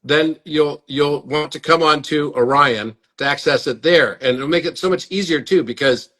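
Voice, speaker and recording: Live stream host, male, earnest, repeats himself, voice a touch high. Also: moderate pace, fairly bright tone. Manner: earnest, inviting, repeats words. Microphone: phone or webcam on a live stream.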